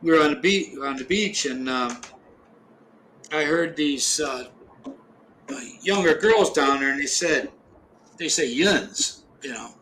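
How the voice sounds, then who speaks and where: A man's voice: a little high, measured pace, pauses often, a bit bright, a little hiss or hum. A middle-aged man from Ohio in casual chat, rambling with many restarts and fillers and casual swearing. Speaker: podcast host.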